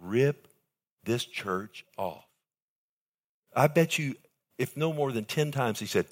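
A male pastor delivers a sermon in an emphatic preaching style. His voice swings from hushed, drawn-out words to loud, pressing lines. He keeps checking in with the congregation with quick questions. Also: medium pitch, expressive. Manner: asks the audience questions.

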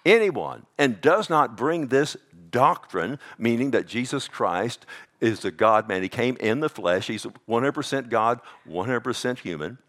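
Delivering a sermon in a mid-range voice and an unhurried rhythm, this pastor swings between punchy loud emphasis and hushed intensity. He repeatedly asks the congregation "Amen?" as he goes.

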